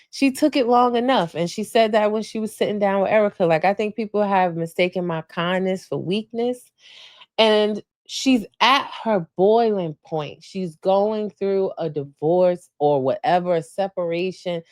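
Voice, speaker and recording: A woman hosting a podcast, recapping in casual chat with blunt, colloquial opinions and animated quoting. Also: no room sound, studio quality. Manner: animated, opinionated, acts out quotes with big pitch jumps. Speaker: podcast host.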